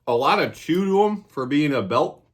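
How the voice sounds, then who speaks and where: A man's voice: on the high side, expressive, moderate pace. A man hosting his own review vlog, talking casually and joking as he eats. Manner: joking, irreverent. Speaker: cannabis reviewer.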